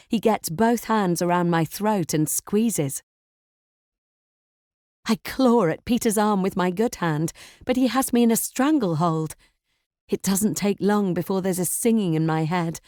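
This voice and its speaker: A woman narrating a thriller audiobook in first person, tense and measured. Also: mid-range voice, mellow, dry recording, studio quality.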